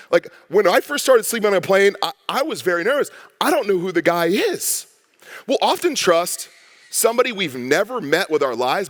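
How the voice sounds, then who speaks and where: A man, a pastor, preaching a sermon with lively storytelling and acted-out quotes. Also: sits high, long reverb tail. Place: church sanctuary.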